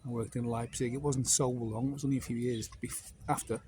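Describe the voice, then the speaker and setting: A man's voice: mid-range voice, fairly even intonation, brisk, mellow, a little hiss or hum. Rambling North Welsh man telling stories. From North Wales. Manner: meandering, digressive storytelling. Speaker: vlogger telling anecdotes. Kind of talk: casual anecdote.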